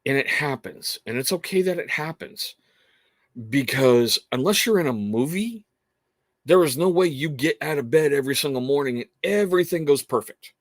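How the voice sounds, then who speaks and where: A man's voice: fairly high pitch, lively intonation, normal speed, dry recording, studio quality. Rambling man hosting a livestream. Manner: rambling, self-interrupting, earnest. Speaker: livestream host. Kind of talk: casual livestream chat.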